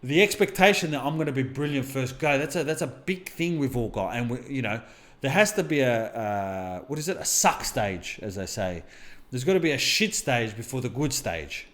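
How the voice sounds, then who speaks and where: A man's voice: mid-range voice, expressive, normal speed, a bit bright. A man co-hosting a casual talk show, blunt and rambling, swearing constantly as he tells stories. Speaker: podcast co-host. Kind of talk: casual chat.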